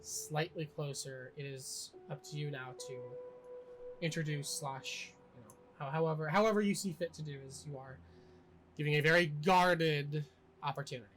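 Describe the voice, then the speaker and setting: A man's voice: a little high, steady tone, fairly bright tone, faint music behind, rough recording. Casual young male game master. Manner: casual, halting narration with many fillers. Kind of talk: narrating a tabletop game.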